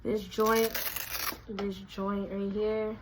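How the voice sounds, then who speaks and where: Animated young woman telling a story. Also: mid-range voice, drawn-out words, slight background noise, poor audio. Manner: animated, acts out quotes in a raised voice. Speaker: vlogger. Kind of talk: casual storytime.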